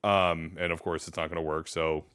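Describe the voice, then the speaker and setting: A man in his thirties hosting a casual podcast chat. He tells animated stories and laughs often. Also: low voice, brisk, clean tone. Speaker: podcast host.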